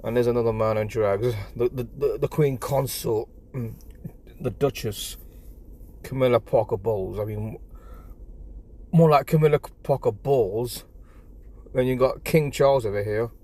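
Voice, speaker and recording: A man's voice: mid-range voice, normal speed, a little mellow. A man with an English accent chatting casually on a live stream from his phone, stumbling over his words and repeating himself. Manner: stammering, repeats words, rambling and apologetic.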